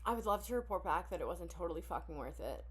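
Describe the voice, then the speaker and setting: A woman's voice: fairly low pitch, lively intonation, fast, slightly rough. Blunt, candid woman reacting to a song. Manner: blunt, candid, profane oversharing with sighs and laughs. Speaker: reaction video host. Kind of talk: casual reaction commentary.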